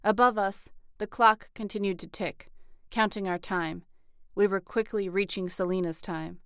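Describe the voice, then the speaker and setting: Smooth-voiced woman narrating an audiobook. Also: steady tone, moderate pace, no room sound, clean studio sound. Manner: acts out dialogue with shifts in pitch and loudness. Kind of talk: scripted first-person narration.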